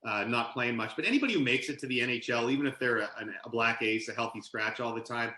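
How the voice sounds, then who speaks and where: A man with a bright, forceful voice tells stories at an animated clip, now and then laughing as he goes. He sounds like a guest on a casual podcast, and the sound carries a roomy echo. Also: medium pitch, fast. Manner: animated anecdote-telling, laughs mid-story. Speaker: podcast guest, author and sportscaster. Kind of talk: casual storytelling interview.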